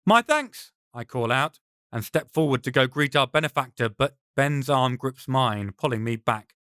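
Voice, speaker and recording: A man narrating his own first-person novel as an audiobook, in a measured, dramatic storytelling manner. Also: medium pitch, fairly even intonation, a bit bright, no echo, clean studio sound. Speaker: author and narrator.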